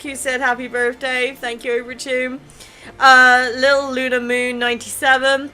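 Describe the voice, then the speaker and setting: A woman in her twenties chatting casually on her vlog, reading viewer comments, emotional and quick to laugh, with casual swearing. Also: high voice, flat delivery, pushed and bright, faint music behind. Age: 20s. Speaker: YouTube channel host.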